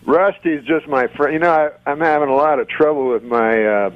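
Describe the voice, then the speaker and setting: A male comedian calling in to a radio show, telling jokes with a deadpan, dry delivery. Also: on the high side, a little fast, muffled recording. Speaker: comedian guest.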